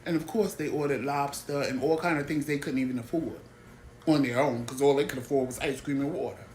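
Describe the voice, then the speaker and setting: A talk show host holds forth in a casual, blunt way, exasperated by people who take advantage. The voice sits at a middle pitch. The room is echoey, with a faint hum of noise underneath. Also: fairly even intonation, fairly quick, darkish tone.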